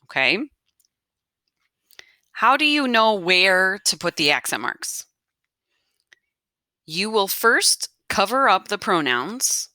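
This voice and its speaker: A woman's voice: fairly low pitch, bright, forceful tone, no room sound, clean studio sound. A woman teaching a recorded grammar lesson, patient, restating each rule and checking in with "okay?". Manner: patient, repeats key points, checks in with "okay?". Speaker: Spanish teacher.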